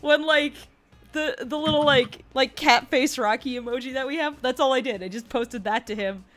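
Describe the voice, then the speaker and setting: A woman's voice: sits high, normal speed, a bit bright, soft background music. A woman on an animation crew telling a rambling story in casual stream chat, laughing often.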